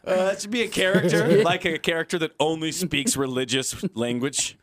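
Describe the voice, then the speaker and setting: A man's voice: on the high side, normal speed. A man co-hosting a podcast, joking in casual chat with lots of swearing. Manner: profane, joking, animated. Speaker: podcast co-host.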